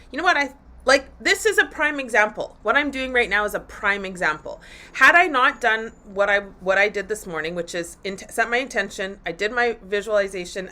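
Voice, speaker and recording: A woman hosts a live motivational talk for her listeners. Her voice is bright and forceful, and she speaks candidly and with animation, dropping swear words freely along the way. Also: mid-range voice. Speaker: podcast host and women's coach.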